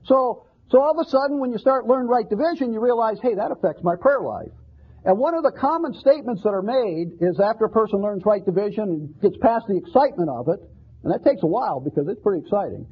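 A man's voice: sits high, animated, fast talker, husky. A man preaching a sermon, earnest and conversational, often repeating words and asking rhetorical questions. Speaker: pastor. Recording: dull lo-fi sermon recording.

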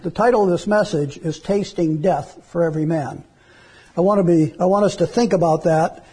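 Guy preaching a sermon, reads verses and explains em, kinda husky voice. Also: high-pitched, normal speed, dark tone. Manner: earnest preaching with scripture reading. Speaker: pastor.

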